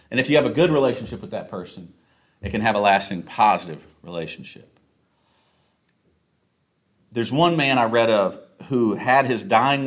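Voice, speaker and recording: A man preaching a sermon, reading scripture aloud and explaining it in an earnest, measured way. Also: medium pitch, a bit bright. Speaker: pastor.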